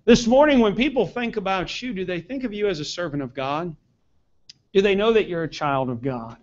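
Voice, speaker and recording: A man's voice: high voice, expressive, a little fast, a little mellow, dull audio. A man who is a pastor, preaching a sermon in a church with earnest emphasis that rises on his key points. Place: church sanctuary.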